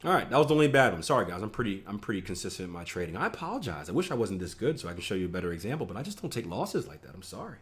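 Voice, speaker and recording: A man's voice: on the low side, very animated, rapid-fire, hardly any pauses. Chatty man coaching traders. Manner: conversational, many filler "right?" checks, self-mocking asides. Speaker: trading coach. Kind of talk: casual teaching over a screen share.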